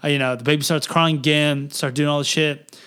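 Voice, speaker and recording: A man's voice: fairly quick, clear, resonant tone. A young man, co-hosting a podcast and telling a story in casual, swearing chat. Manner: animated, swearing, jumps to high pitch for quoted voices. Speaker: podcast co-host.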